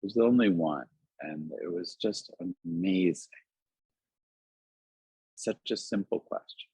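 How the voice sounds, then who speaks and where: A man talking gently and reflectively as a guest author on a video call, musing aloud with many "like"s and "you know"s. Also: sits low, measured pace, husky, no room sound. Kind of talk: reflective conversation. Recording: dull lo-fi webinar audio.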